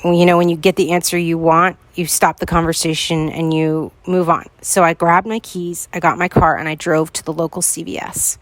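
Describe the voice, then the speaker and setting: A woman's voice: lowish voice, flat delivery, moderate pace, hardly any pauses, no echo. A woman podcast host telling a personal story to her listeners, earnest and pleading as she recalls her own words.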